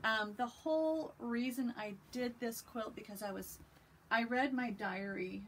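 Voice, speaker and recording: A woman's voice: a little high, measured pace, fairly bright tone, slight background noise. A woman quilting vlogger chatting casually and enthusiastically as she shows her quilts, with lots of ums and restarts. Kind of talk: casual show-and-tell chat.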